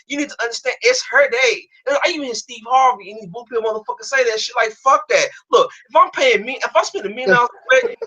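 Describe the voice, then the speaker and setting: A man chatting casually on a stream, telling an animated story full of profanity and restarts. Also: very high voice, fast, husky, rough recording. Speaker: stream co-host. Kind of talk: casual chat.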